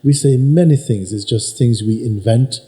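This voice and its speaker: A man teaching at a spiritual gathering, unhurried and emphatic, probing his listener with repeated questions. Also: mid-range voice, warm tone, poor audio. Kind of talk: satsang teaching talk. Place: teaching hall with an audience.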